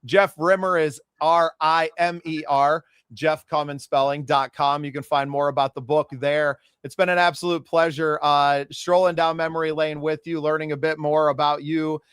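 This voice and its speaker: Male host, smooth voice, dry close mic. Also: fairly high pitch, flat delivery, normal speed, few pauses, a bit bright, no room sound. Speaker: podcast host. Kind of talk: closing an interview.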